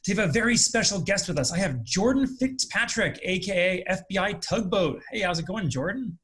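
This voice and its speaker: A male podcast host who talks quickly and cheerfully as he leads the interview. His voice sits a little higher than most men's. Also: animated, a bit bright. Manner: upbeat and quick, says he talks fast. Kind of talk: casual interview.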